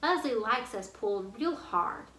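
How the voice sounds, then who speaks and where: A woman's voice: on the high side, lively intonation, a little slow, fairly bright tone, roomy sound. A woman voicing a talking pigtail that wheedles and pleads to be pulled, read aloud from a storybook. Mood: coaxing. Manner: coaxing, pleading.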